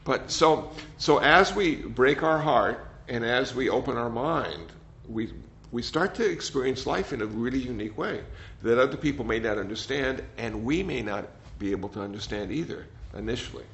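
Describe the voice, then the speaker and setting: An older man, a meditation teacher, giving a gentle, rambling dharma talk that often repeats words. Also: medium pitch, expressive, moderate pace, hardly any pauses. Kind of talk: dharma talk with audience questions. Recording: slightly dull sound, faint noise.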